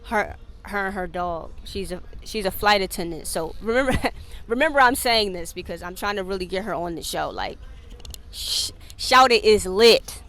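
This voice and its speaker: A woman's voice: medium pitch, normal speed. Candid, laughing woman podcast host. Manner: candid, profane, laughs often; animated, acts out quoted speech. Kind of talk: casual solo podcast chat.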